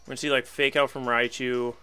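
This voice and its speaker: A man's voice: medium pitch, flat delivery, fast talker, pushed and bright, clear, resonant tone, faint music behind. A young man giving casual live commentary on a video game battle, wry and resigned, laughing at himself now and then. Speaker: gaming channel host.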